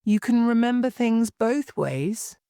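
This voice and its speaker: A woman voicing a fussy, scatterbrained old queen who talks in a high, fluttery way and breaks into wailing cries. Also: lively intonation, takes it slowly, warm tone, clear, resonant tone, no echo, clean studio sound.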